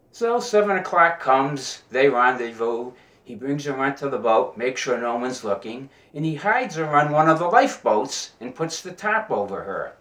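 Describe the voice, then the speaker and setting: Animated man telling jokes. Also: mid-range voice, moderate pace, hardly any pauses. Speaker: joke teller. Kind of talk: casual joke telling. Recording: roomy echo.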